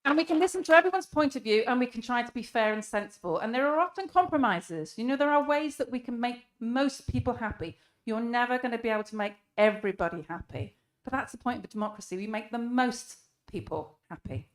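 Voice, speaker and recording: A woman's voice: on the high side, animated, fast talker. Earnest woman giving a speech. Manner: rhetorical questions, emphatic and earnest. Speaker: speaker at a public debate. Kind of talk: impassioned public speech. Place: live event in a room.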